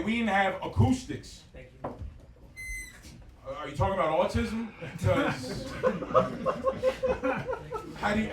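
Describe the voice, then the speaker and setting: Loud Bronx comic in an echoey club. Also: male voice, high-pitched. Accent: New York. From the Bronx, New York. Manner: loud, brash and crude, riffing with the crowd. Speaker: stand-up comedian. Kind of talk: stand-up set. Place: comedy club with a live audience. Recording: echoey club room, distant mic, audience laughter.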